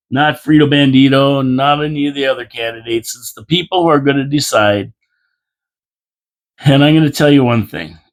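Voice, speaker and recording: Guy rambling on his own show, repeats stuff, folksy, kinda tired and yawny, regular mid voice. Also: medium pitch. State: tired, yawning. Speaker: local commentary host. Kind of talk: casual opinion monologue.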